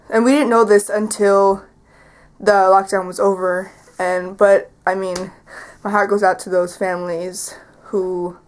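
Speaking from her bedroom in a vlog, a teen girl chats and rambles, leaning heavily on the word "like." She has a mid-range voice, captured in a rough recording.

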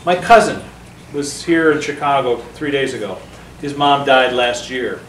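A man, an author speaking to a book club, telling earnest stories with animated delivery and acting out the voices he quotes. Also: mid-range voice, unhurried, slight background noise. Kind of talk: storytelling talk to a small audience. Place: book club meeting room. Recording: roomy, distant mic.

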